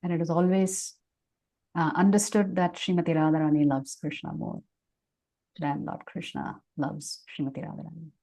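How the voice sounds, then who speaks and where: A woman speaker giving a devotional class on a video call, telling a sacred story in an animated way, then teaching reflectively. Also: low voice, normal speed. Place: online class session.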